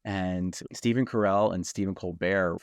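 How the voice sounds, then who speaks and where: A man's voice: low-pitched, steady tone, measured pace, no room sound. A man co-hosting a podcast, speaking in a chatty, tangent-prone way and laughing a lot. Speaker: podcast co-host. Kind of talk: casual conversation.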